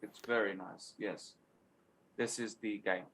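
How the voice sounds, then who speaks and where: A man's voice: on the low side, steady tone, a little slow, a bit bright. A man coaching a chess tactics lesson, explaining step by step and often checking in with his student.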